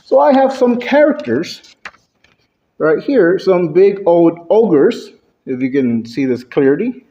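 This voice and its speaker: A man delivers a prepared speech to a club in a meeting room, with a slightly raised voice. He talks slowly and varies his pitch and loudness for effect. The recording is dull and lo-fi. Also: big pitch swings. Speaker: club speaker.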